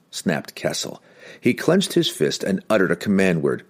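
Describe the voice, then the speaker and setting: Deep-voiced man narrating a fantasy audiobook. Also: unhurried. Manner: dramatic, expressive reading.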